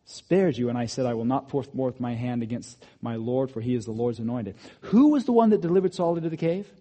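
A man preaching a sermon, animated, rising to emphatic peaks and dropping to quiet asides. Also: medium pitch, brisk. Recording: long hall reverb.

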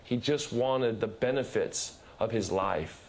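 A man's voice: slow, a little hiss or hum. A man preaching a sermon, telling a story emphatically with many repetitions. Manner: emphatic storytelling, repetitive, lively shifts in pitch.

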